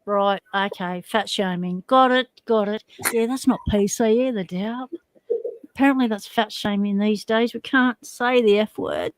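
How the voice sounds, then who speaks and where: A woman's voice: medium pitch, a little slow, no echo, poor audio. A woman co-hosting a casual livestream, chatty and teasing as she greets viewers by name. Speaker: livestream co-host.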